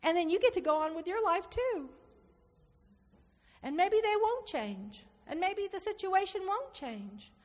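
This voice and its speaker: A woman preaching a sermon, animated and repetitive, acting out inner dialogue as she speaks. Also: very high-pitched, a little slow. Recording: reverberant hall.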